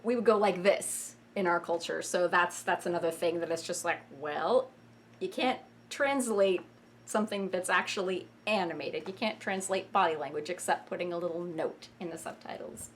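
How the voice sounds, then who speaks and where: A woman hosting a casual, chatty explainer about Japanese phrases in anime scenes, wry and quick to act out the lines she quotes. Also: on the low side, a little hiss or hum.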